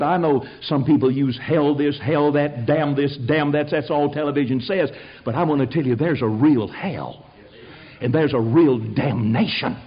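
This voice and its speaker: An older man preaching a sermon in a fiery, folksy way, rising to shouted peaks. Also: on the high side, husky, highs cut off. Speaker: pastor.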